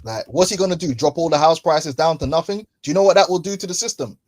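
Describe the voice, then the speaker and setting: A man preaching in loose street slang, mocking his listeners and laughing between points. His voice sits a little high, and the sound is close and dry with no room. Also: quick pace, a little mellow, no echo. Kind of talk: casual religious commentary. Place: London.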